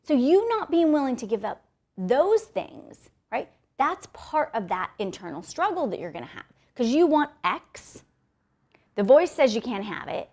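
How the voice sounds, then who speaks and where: A woman's voice: on the high side, a little mellow. A young woman giving a blunt, profane motivational talk, often ending points with "right?". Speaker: motivational speaker.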